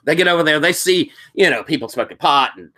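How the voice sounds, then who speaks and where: Lively storytelling man running a game. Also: a little high, fast. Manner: animated storyteller, acts out quotes and sound effects. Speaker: game master. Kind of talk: recapping a tabletop game session.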